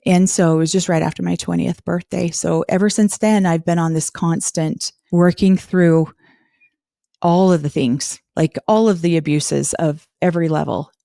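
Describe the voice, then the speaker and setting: Woman interview guest, candid and earnest, lowish mellow voice. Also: fairly even intonation, normal speed, gravelly, no echo, studio quality. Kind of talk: personal life story in conversation.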